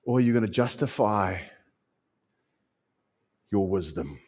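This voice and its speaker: A man preaching a sermon as pastor, animated and repeating phrases for emphasis. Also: fairly low pitch, a little slow, long pauses, breathy edge.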